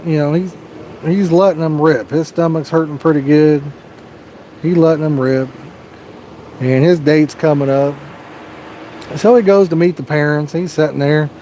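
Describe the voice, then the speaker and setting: A man with a fairly high, mellow voice chats casually on an outdoor fishing livestream, telling a rambling joke in folksy style with frequent "you know"s. His personal mic picks up a little hiss or hum.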